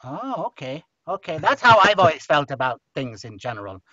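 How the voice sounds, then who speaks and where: A man's voice: fairly high pitch, very animated, moderate pace, sharp tone, dry recording, full character voice. A man voicing a playful, mischievous young male sidekick character who co-hosts a podcast, teasing the guest and spinning silly stories. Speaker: co-host. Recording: dry, slightly muffled podcast audio.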